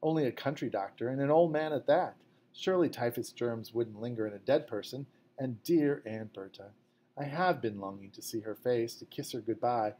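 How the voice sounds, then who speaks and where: A man voicing a calm, quick-witted mother in a storybook reading. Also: mid-range voice, a little hiss or hum, natural voice. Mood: pointed.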